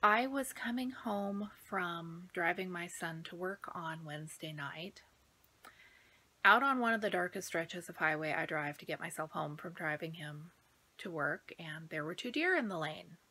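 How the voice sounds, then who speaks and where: A middle-aged woman chatting at home, a little out of breath, her husky voice bright and forward. She rambles from one thought to the next and now and then sinks into a near-whisper. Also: lowish voice, expressive, unhurried. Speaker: cross-stitch vlogger. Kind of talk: casual chat.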